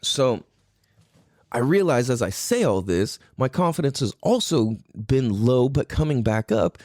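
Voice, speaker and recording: Male podcast host from California, mellow, dry close sound, loose rambling delivery, lots of cursing. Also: mid-range voice, lively intonation, a little slow, dry recording. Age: adult parent. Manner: rambling, heavy swearing, frequent fillers. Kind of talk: casual solo podcast monologue.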